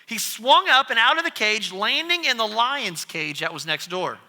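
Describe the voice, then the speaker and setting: Pastor guy preaching, really high bright voice, long echo off the church walls. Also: moderate pace. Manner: animated storytelling preacher. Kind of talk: sermon. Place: church sanctuary.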